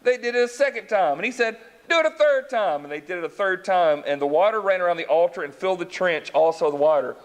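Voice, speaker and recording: A man's voice: high-pitched, fast talker, hardly any pauses. A man preaching a sermon, reading scripture aloud and acting out the voices of its characters while asking his listeners questions. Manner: animated, acts out voices in the story, asks the congregation questions. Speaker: pastor.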